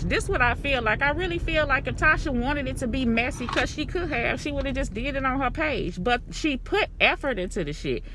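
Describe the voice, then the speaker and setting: A woman's voice: fairly high pitch, background noise. A woman talking casually to camera while doing her makeup, laughing and cursing as she rambles and repeats herself. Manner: animated, laughing, swearing freely, repeats herself; talks while putting on lashes and makeup. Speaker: vlogger. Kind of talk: casual commentary vlog. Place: alone at home.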